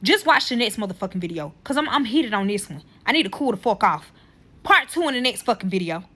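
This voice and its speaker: A woman's voice: medium pitch, fast talker, a little hiss or hum. A young woman telling a heated personal story straight to her viewers, swearing freely and talking to them directly. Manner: profane, animated, addresses viewers directly. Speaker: TikTok creator.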